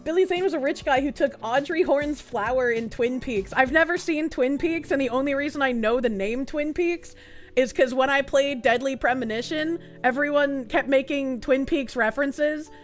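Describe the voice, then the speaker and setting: A woman's voice: high voice, moderate pace, faint music behind. A woman streamer chatting casually and reading out chat messages, swearing freely and laughing a lot.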